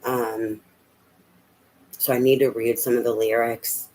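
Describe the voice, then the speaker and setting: A man talks through a tarot reading in a loose, rambling way. He hesitates often and fills the gaps with ums and restarts. His voice sits at a middling pitch, and a faint hiss of noise runs underneath. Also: flat delivery, takes it slowly, darkish tone, rough recording. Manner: rambling, hesitant, many fillers. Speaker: tarot reader. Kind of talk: casual spoken tarot reading.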